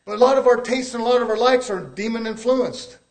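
At a brisk pace, a male preacher delivers his sermon in church with a folksy, emphatic manner, letting out chuckles and falling to a low hush.

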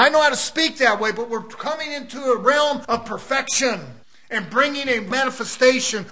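A man's voice: very high voice, pushed and bright. A man preaching a fervent sermon at a church service, emphatic and full of rhetorical questions.

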